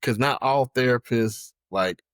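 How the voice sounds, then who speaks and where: A young man chatting as a podcast guest, halting and full of fillers and restarts. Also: medium pitch. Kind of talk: casual conversation.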